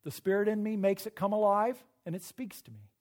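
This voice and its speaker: A middle-aged man preaching a sermon, earnest and emotional, often halting and repeating words. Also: sits high, darkish tone. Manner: earnest and personal. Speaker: pastor.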